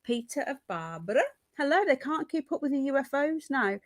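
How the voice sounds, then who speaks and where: A woman's voice: high voice, very animated, a little fast, no room sound. Chatty British woman hosting a livestream. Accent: British English. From Britain. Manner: chatty, rambling, greets viewers mid-sentence. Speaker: livestream host. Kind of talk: casual livestream chat reading news.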